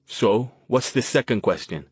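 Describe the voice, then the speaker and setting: A man doing a gruff, gravelly vagrant. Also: mid-range voice, expressive, measured pace, darkish tone, dry recording, studio quality. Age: middle-aged. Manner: rude, curt. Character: gruff middle-aged male vagrant, confrontational.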